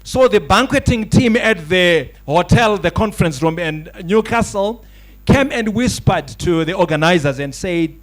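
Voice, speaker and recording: A man's voice: high voice, expressive, measured pace. A man, hosting an awards night with ornate, grandiloquent wording and a playful storytelling style. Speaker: master of ceremonies. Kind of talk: humorous speech at an awards night. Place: banquet hall at an awards night.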